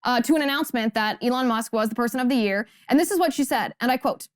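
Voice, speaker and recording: Female commentary host, slightly high pitch, dry close sound, pointed rhetorical delivery. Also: fast, no room sound. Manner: emphatic, sarcastic, rhetorical questions. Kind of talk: opinionated monologue.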